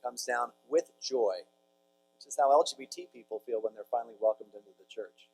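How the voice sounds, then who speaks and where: A man's voice: medium pitch, fast, darkish tone, a little hiss or hum, low-quality recording. A man, a priest speaking to a large audience in a conversational storytelling talk with jokey asides to the crowd. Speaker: priest giving a conference talk.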